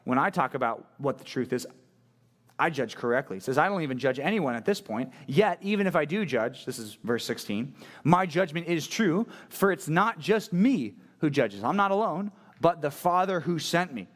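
A man's voice: a little high, expressive, normal speed. A middle-aged male pastor preaching a conversational sermon, asking listeners direct questions and acting out the quoted voices.

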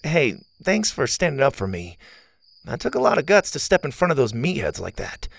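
A man voicing a kind, gentle boy at camp who speaks in a friendly, earnest way. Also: mid-range voice, huge pitch swings, normal speed, vocal fry, no echo, clean studio sound, voice pushed up, full character voice.

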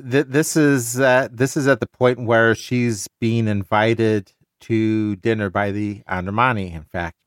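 A man's voice: on the low side, fairly even intonation, measured pace, few pauses, no echo, clean studio sound. A man hosting a casual book discussion podcast, talking with enthusiasm and often restarting his sentences. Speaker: podcast host.

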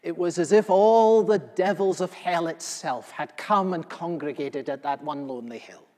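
A male pastor playing the apostle John in a first-person sermon, telling what he saw with earnest feeling, moving between hushed and loud passages. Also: a little high, normal speed, natural voice. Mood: solemn. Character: the elderly apostle John, solemn eyewitness. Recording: long reverb of a large hall.

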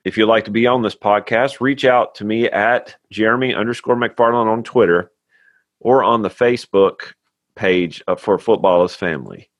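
Podcast host, male, from Tennessee; earnest and plainspoken, lowish voice, dry close sound. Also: moderate pace, no echo. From Tennessee, USA. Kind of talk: scripted intro then casual interview.

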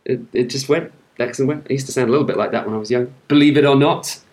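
A man's voice: mid-range voice, fast, a little mellow. A young English man from Somerset co-hosting a casual travel podcast, chatting in an easygoing, jokey way while outdoors. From England, Somerset. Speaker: podcast co-host. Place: outdoors at a seaside fort.

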